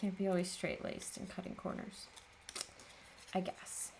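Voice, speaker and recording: A woman's voice: lowish voice, monotone, a little slow, creaky, a little mellow, a little hiss or hum. A woman hosting a papercraft video, chatting casually and tiredly as she works, often laughing at herself. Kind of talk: casual chat while crafting.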